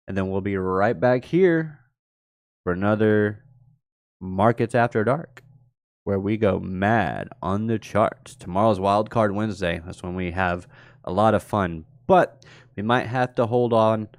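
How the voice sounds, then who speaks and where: A man's voice: on the low side, smooth, dry recording, studio quality. Laid-back man hosting a live stream. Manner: relaxed, rambling, laughs often. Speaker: host. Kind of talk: casual live-stream chat.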